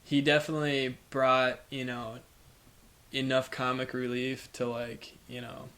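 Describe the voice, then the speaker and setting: Male podcast co-host, even and level delivery, thoughtful casual film talk. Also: mid-range voice. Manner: measured, hesitant, many fillers. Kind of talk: casual film review chat. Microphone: podcast microphone.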